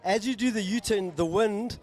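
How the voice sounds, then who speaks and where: High-voiced male regatta commentator. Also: normal speed. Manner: steady play-by-play calling out names and schools. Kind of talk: live sport commentary.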